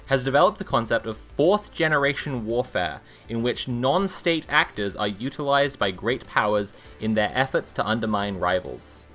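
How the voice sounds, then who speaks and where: A woman's voice: extremely low pitch, lively intonation, normal speed, few pauses, fairly bright tone, faint music behind. Sarcastic woman streamer reading aloud. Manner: sarcastic, rambling asides between read passages. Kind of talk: casual live-stream reading and commentary.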